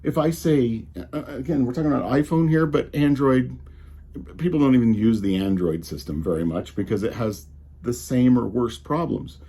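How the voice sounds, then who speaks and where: A man's voice: medium pitch, normal speed, dark tone, slightly rough. A man with a slight Colorado drawl, ranting casually and with exasperation about tech, often restarting his sentences. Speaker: tech commentator.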